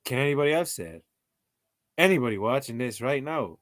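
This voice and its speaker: In a casual video chat, this young Irishman sounds playful yet exasperated, trying out words by saying them over and over. His mid-range voice is brisk, a bit bright and lively in intonation.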